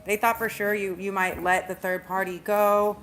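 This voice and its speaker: Woman, slight Southern drawl, casual tarot reader; emphatic, repeats herself, rushes and stumbles now and then. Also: mid-range voice, flat delivery, a bit bright, a little hiss or hum. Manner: chatty, emphatic, repeats phrases, speeds up and stumbles at times. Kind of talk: casual spiritual tarot reading.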